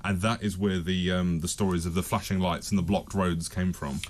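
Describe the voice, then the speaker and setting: A man presenting stories on a talk show, halting with fillers. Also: low voice, steady tone. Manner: hesitant, many restarts and fillers.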